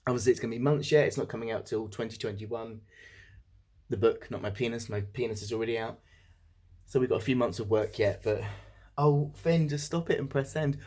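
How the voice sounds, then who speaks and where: Young man, casual vlog talk, candid and joking, slightly low voice. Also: a little fast, darkish tone. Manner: chatty and candid, jokes about himself. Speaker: vlogger.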